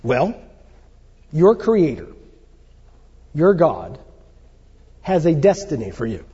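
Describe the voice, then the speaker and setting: A man preaches to a congregation in a conversational way, asking questions and pausing on fillers. His voice is mellow and a little husky, with a lively rise and fall. The recording is dull and carries the long reverb of a large hall. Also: on the high side. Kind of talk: sermon to a congregation. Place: church hall.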